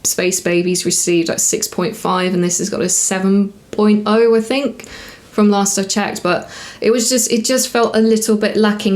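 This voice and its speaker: A woman talking casually to camera as she reviews a TV episode, rambling a little, correcting herself and filling pauses as she thinks aloud. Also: medium pitch, darkish tone. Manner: chatty, rambling with fillers and self-corrections.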